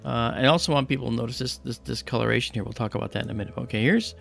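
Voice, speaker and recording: A man's voice: medium pitch, very fast, creaky, a bit bright. A man hosting a casual livestream, telling stories in a loose, rambling way with lots of fillers. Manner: rambling storyteller with many fillers. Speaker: livestream host.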